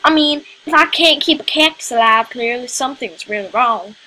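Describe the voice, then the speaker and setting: A lonely rancher fellow with a drawling Texan twang, as a woman puts him on while reading a game letter. The voice sits high and ringing, with a folksy, homespun lilt. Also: moderate pace, sharp tone. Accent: put-on Texan.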